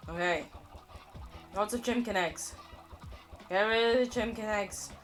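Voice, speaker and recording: A woman's voice: mid-range voice, slow pace, faint music behind. A woman streaming a game, chatting in a rambling, self-mocking way, laughing often and swearing casually. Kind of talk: casual live-stream chatter while playing.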